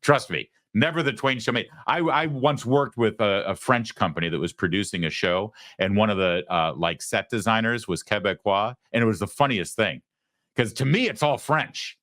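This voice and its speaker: A man's voice: lowish voice, moderate pace, a bit bright, dry recording, studio quality. A man hosting a show, giving opinionated political commentary with frequent stammered restarts. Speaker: host.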